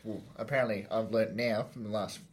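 A man co-hosting a casual podcast, talking in a dry monotone. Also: on the low side, brisk. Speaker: podcast co-host. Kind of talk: casual chat.

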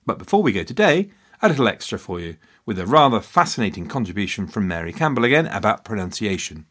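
A man hosting a history podcast, giving a scripted narration in a lively storytelling manner with wry asides. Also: fairly low pitch, quick pace.

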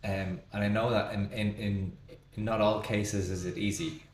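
A man's voice: fairly low pitch, little pitch movement, measured pace, a little hiss or hum. A man hosting a podcast in a pub, talking casually and rambling until he loses his train of thought. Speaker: podcast host. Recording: roomy pub with faint ambience.

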